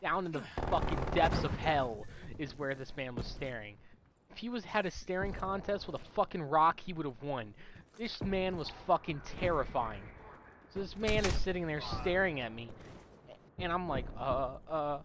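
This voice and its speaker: A young man telling a story from his childhood in a casual, animated, profane way, in a noisy recording. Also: on the high side, normal speed. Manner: animated, profane, laughing at himself. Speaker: storytime vlogger.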